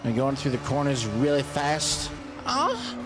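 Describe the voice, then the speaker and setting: A man's voice: on the low side, moderate pace, noisy background. A young man streaming a racing game, chatting casually and goofily, repeating phrases for fun. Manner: goofy, repeats phrases playfully. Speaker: gaming streamer. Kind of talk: casual livestream commentary.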